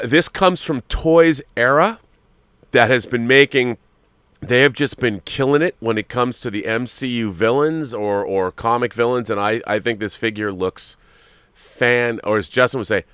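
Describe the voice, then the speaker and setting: A man's voice: mid-range voice, fairly bright tone, clear, resonant tone, no room sound. A man hosting a casual chat, musing and hesitant as he talks, with plenty of fillers. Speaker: host. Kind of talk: casual chat reviewing collectible figures.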